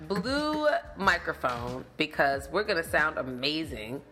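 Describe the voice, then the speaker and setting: Woman podcast host, playful and giggly, animated delivery, music bed behind. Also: low voice, a little slow. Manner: bubbly, laughs often, playful. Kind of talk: casual podcast chat.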